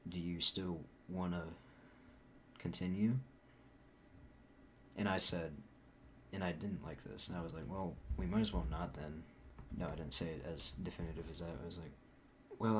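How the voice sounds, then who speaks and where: A soft-spoken young man rambling casually through a story as a vlogger, swearing often, recorded on a desktop mic at home. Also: deep voice, a little hiss or hum. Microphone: desktop mic recorded in Audacity.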